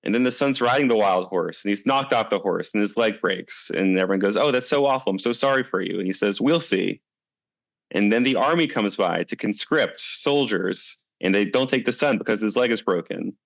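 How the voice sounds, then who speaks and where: A man's voice: on the low side, brisk, vocal fry, hardly any pauses, fairly bright tone, no echo. A man being interviewed as a guest, talking in a thoughtful, reflective way and telling stories as he answers. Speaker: guest, climate coalition director.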